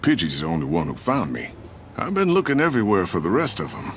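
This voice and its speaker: A tired, gentle old homeless man who keeps pigeons, his low voice rising and falling. He sounds worn and downcast, with faint noise around him. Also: wildly swooping pitch, fast talker.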